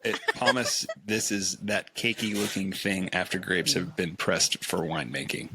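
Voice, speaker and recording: A man's voice: deep voice, moderate pace, bright, forceful tone, a little hiss or hum. A man co-hosting a podcast, reading out facts he looked up and teasing the others. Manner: looks things up and reads out facts, teasing. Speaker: podcast co-host. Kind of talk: casual banter.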